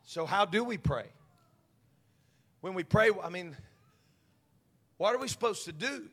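A man preaching a fervent Pentecostal sermon as pastor, his voice often rising into shouts. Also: sits high, lively intonation, a little slow, slightly rough. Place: church sanctuary. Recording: long church hall reverb.

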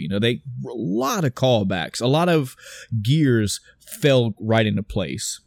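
Brief: young adult man, casual movie recap, animated and profane, dry close sound. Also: medium pitch, slow pace, vocal fry, no echo. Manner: animated retelling with swearing and acted quotes. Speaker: podcast co-host discussing a movie. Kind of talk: casual chat.

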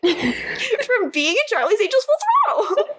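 A woman's voice: very high-pitched, huge pitch swings, unhurried, fairly bright tone. A woman co-hosting a podcast, chatting casually and laughing often as she acts out characters' lines. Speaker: podcast co-host. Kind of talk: casual chat recapping a TV episode.

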